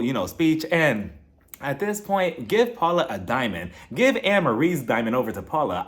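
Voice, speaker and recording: A man recapping a reality show in casual, sarcastic commentary, often acting out what people said. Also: a bit bright. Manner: sarcastic, gossipy, acts out quotes in a high voice. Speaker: reality TV reviewer.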